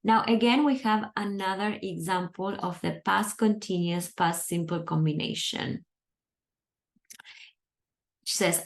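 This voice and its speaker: A woman's voice: mid-range voice, a little slow. A woman teaching English, reading a book aloud and patiently explaining its grammar and vocabulary step by step.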